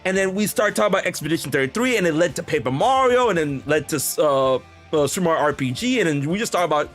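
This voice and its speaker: A young man hosting a podcast, telling a long story in a rambling, animated way with many restarts and quoted dialogue. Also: a little high, fast, soft background music. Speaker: podcast host. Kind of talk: casual storytelling chat.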